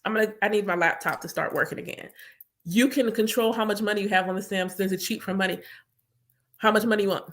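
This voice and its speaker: A woman's voice: mid-range voice, steady tone, quick pace, fairly bright tone. A woman who works as a spiritual reader, chatting casually with viewers in an emphatic way and repeating her points. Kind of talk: casual live chat to viewers.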